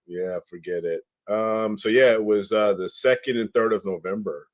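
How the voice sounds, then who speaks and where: A man co-hosting a casual chat, halting and searching for words. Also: lowish voice.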